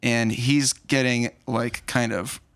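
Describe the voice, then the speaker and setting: A man's voice: mid-range voice, slow, clear, resonant tone. A man hosting a podcast, casually retelling a film scene by scene and acting out the characters' lines. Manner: animated retelling, acts out lines. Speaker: podcast host. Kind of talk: casual movie recap.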